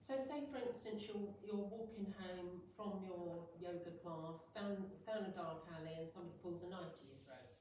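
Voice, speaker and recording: A woman's voice: on the low side, moderate pace, few pauses, dark tone, a little hiss or hum. Brief: middle-aged woman, hypnotherapist at a meeting, chatty, acts out examples; heavy room echo, distant mic. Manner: chatty, acts out little scenes in quoted voices. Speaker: hypnotherapist giving a talk. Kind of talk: informal talk to an audience. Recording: very echoey room, voice far from mic.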